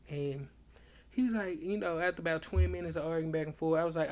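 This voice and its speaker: A man's voice: on the high side, quick pace. A young man, a comedian hosting his own podcast, telling stories in loose slang and acting out both sides of old arguments in casual livestream chat.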